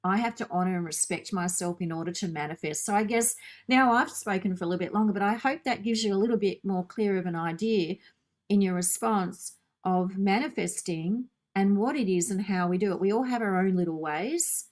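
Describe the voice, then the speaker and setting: A woman's voice: medium pitch, fairly quick. A woman hosting a podcast, talking earnestly in long, flowing turns with repeated phrases. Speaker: podcast host. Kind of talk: casual conversational interview.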